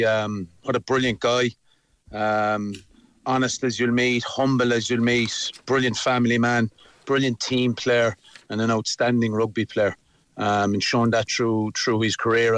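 A man's voice: medium pitch, dry recording. A middle-aged Irish man talking by phone about a rugby player he knows well, with many fillers. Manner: warm praise, many fillers. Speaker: rugby coach, phone guest. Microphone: phone line.

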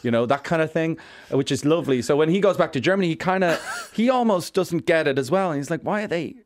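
A young man, a comedian, chatting casually in an interview, quick and jokey, slipping into voices for his stories. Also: on the high side, no room sound. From Ireland. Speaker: comedian guest.

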